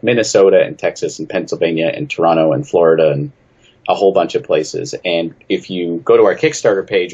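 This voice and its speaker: A man from New England with a very low, husky voice talks through interview questions as a game designer guest. He is chatty and snarky and pokes fun at himself. The audio is a little dull and lo-fi. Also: a little mellow. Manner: chatty, self-deprecating, snarky. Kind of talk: casual interview answers.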